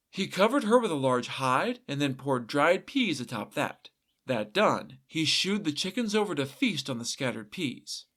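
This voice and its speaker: Lively, wry man retelling folklore. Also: a little high. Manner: irreverent, wry asides with swearing. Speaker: podcast host and storyteller. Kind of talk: comic folklore narration.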